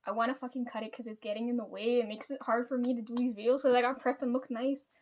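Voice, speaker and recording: A woman's voice: a little high, level tone, racing, darkish tone. A woman telling a rambling family story to her camera, swearing often and laughing between thoughts. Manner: rambling, frequent swearing, chatty asides. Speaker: vlogger.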